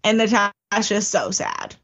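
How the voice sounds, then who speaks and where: A woman co-hosting a casual recap chat, chatty and full of quick asides. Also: sing-song, fairly bright tone, husky. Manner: chatty, quick asides, mimics people in high voices. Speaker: podcast co-host. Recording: dull lo-fi audio.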